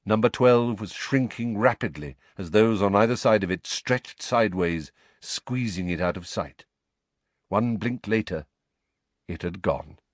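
Male narrator, low voice, lively expressive reading, dry studio sound. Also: measured pace, no echo. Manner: expressive, varied delivery. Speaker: audiobook narrator. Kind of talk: scripted storybook narration.

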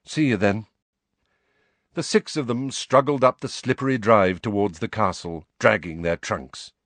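A man narrating a novel aloud in a low voice with a lively, rising and falling delivery. The sound is close and dry, with no room around it. His reading is expressive and steady. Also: moderate pace, no room sound. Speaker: audiobook narrator. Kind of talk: scripted narration.

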